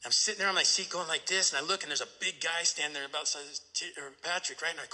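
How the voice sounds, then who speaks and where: Man, animated storyteller, slightly high voice, long hall reverb. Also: racing, few pauses. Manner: animated, peppered with "right?". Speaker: recovery meeting speaker. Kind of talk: personal storytelling talk.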